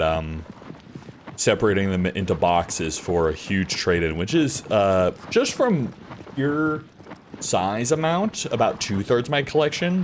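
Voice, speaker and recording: A man's voice: fairly low pitch, slight background noise. A man streaming a video game from his home office, chatting casually with many fillers and the odd swear. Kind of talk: casual live-stream chat while gaming.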